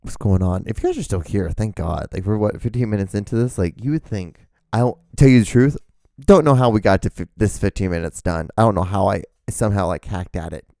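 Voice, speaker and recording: A lowish, creaky, mellow voice comes through fairly quickly in a dry, studio-quality recording. The man hosts a casual solo podcast, rambling, swearing, and poking fun at himself; he's indoors with rain outside, wearing earphones and using a microphone.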